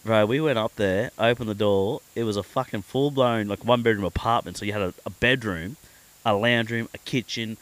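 A man's voice: on the low side, a little fast. An Australian man, a podcast guest, telling a story in casual, heavily sweary talk. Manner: swears constantly, animated storyteller. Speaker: podcast guest, pro angler.

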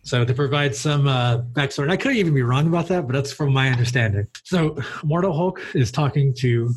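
A man's voice: medium pitch, fairly quick, slightly rough, low-quality recording. A man hosting a casual podcast discussion in an easygoing way, reading passages aloud and then giving his take. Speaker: podcast host.

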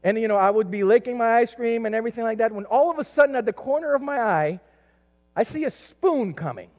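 A man from South America preaches in a loose, storytelling style, full of asides and fillers. His voice sits high, and the recording is muffled and lo-fi. A long echo hangs in the hall around him. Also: fast. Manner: conversational and animated, many asides and fillers. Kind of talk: sermon with personal storytelling. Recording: echoey hall, dull lo-fi sound.

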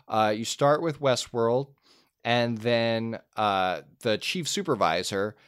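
Man, casual movie chat, clear resonant voice, dry recording, lots of ums. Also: medium pitch, slow, no room sound. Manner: rambling, animated storytelling with fillers. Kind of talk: casual film discussion.

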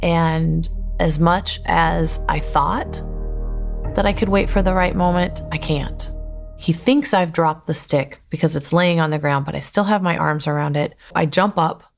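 A woman's voice: low voice, unhurried, vocal fry, faint music behind. A woman who survived an attack, telling her story in urgent present tense. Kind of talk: recounted personal testimony.

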